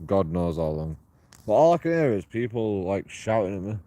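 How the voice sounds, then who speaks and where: An angry, profane man ranting and taunting people, recorded outdoors on a dark path at night. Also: fairly low pitch, very animated, normal speed. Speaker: street auditor filming himself. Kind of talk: confrontational vlog rant.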